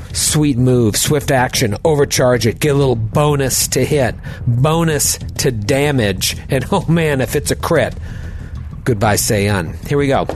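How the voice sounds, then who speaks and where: A young man narrating a tabletop game as game master, animated and laughing often. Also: mid-range voice, a little hiss or hum.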